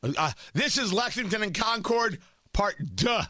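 A man's voice: high-pitched, expressive, a little slow, sharp tone, no room sound. A middle-aged man hosting a talk radio show, giving a brash, emphatic monologue with joking asides into a studio microphone.

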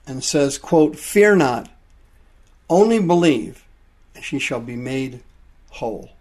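A man preaching a sermon, explaining Greek words from the Bible with drawn-out emphasis. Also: fairly high pitch, darkish tone.

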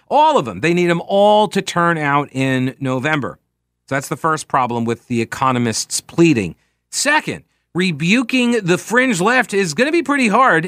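A man's voice: fairly high pitch, a bit bright, no room sound, clean studio sound. A man hosting a talk radio show, giving opinionated political commentary in a sarcastic tone, full of rhetorical questions.

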